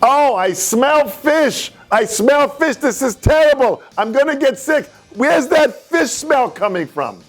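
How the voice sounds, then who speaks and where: Fussy woman passenger, shrill and shrieking; a man puts her on. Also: big pitch swings, takes it slowly, few pauses, faint music behind, exaggerated voice. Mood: shrill outrage. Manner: shrieking complaints.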